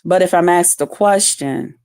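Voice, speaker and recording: Animated woman in a dry close recording. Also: lowish voice, unhurried, dry recording. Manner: animated storytelling, acts out quotes loudly, laughs often. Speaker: vlogger. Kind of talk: casual chat to viewers.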